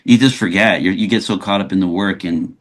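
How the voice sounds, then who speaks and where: A man's voice: low-pitched, fairly quick. A man from Los Angeles, a guest actor telling stories in a casual interview and often restarting his sentences. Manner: animated storyteller, frequent restarts.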